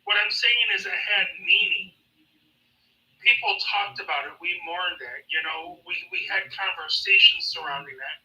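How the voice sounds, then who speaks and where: A man's voice: high-pitched, moderate pace, pushed and bright. Rambling man, distant echoey sound. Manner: rambling, emphatic, blunt. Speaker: guest creator. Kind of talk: live political talk. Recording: roomy, distant from the mic.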